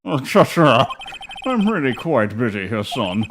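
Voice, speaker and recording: A woman voicing a pompous, evasive old male lawyer in a playful game voice-over, with hems and throat-clearing. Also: very deep voice, very animated, measured pace, noisy background, exaggerated voice. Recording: stream audio over loud game music.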